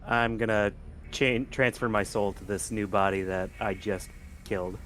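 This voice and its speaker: A man playing a tabletop horror game, relaxed and a little hesitant as he describes his character's moves. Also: lowish voice, normal speed, slight background noise. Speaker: player. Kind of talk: casual tabletop role-play.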